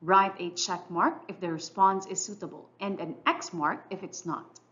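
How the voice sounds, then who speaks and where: A woman teacher giving a clear, measured, scripted English lesson narration. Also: lowish voice, steady tone, a bit bright, lo-fi sound. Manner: clear, instructional, measured delivery.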